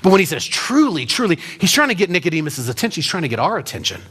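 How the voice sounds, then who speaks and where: A man's voice: a little high, sing-song, very fast, pushed and bright, slightly rough. A man preaching a conversational sermon in church, telling stories and pressing his point with rhetorical questions. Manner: storytelling, emphatic with rhetorical questions. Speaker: pastor.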